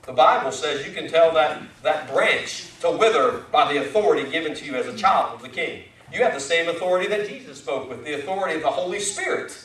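Male pastor, high voice, chatty sermon style, echoey sanctuary recording. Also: animated, brisk, hardly any pauses, a bit bright. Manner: conversational, folksy, with rising emphatic questions. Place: church sanctuary. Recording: echoey church from far off.

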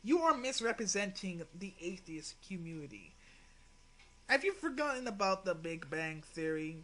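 A man's voice: high voice, sing-song, normal speed, sharp tone. A man hosting his own channel, rebutting another video in an exasperated, sighing way with some swearing. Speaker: channel host responding to a video. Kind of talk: casual commentary rebuttal.

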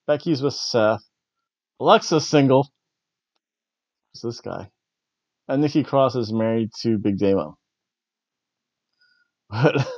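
A man's voice: medium pitch, a little mellow, dry recording, muffled recording. A man hosting a podcast, giving a casual, rambling recap of a wrestling show and chuckling often. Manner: rambling, chuckling, slightly awkward. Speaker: podcast host.

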